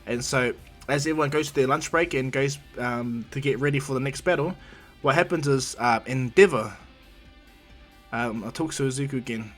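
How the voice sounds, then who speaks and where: A man's voice: mid-range voice, moderate pace, a bit bright, soft background music. Man rambling through a fan story. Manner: rambling, full of fillers and restarts, acting out lines. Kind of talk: casual retelling of a fan story.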